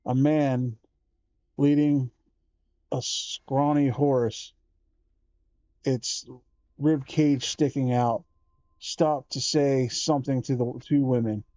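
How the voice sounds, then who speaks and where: Guy slowly reading a spooky kids book out loud, mellow voice, dry kinda dull audio. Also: medium pitch, fairly even intonation, no echo. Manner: slow, measured reading with small self-corrections. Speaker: livestream host reading a book aloud. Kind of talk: reading a children's horror book aloud.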